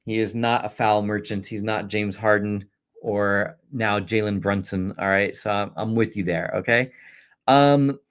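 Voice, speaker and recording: A man's voice: fairly low pitch, fairly even intonation, a little slow, a bit bright. A middle-aged man teaching on a livestream, reading questions from chat and answering in an earnest way, often repeating his points for emphasis.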